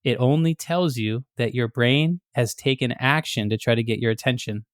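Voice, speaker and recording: A man's voice: mid-range voice, normal speed, clear, resonant tone, no room sound, clean studio sound. A man hosting a podcast, explaining ideas in a thoughtful, step-by-step way with casual restarts. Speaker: podcast host.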